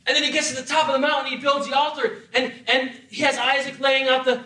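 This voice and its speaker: Animated preacher in an echoey room. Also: male voice, extremely high pitch, fast talker, far from the mic. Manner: animated, acts out voices with humor. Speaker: pastor. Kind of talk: sermon.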